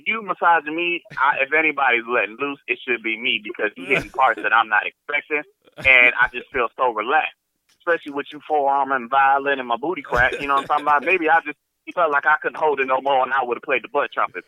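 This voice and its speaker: Man, 50s, podcast host, animated crude storyteller, dry lo-fi sound. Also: mid-range voice, no room sound. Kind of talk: casual storytelling chat.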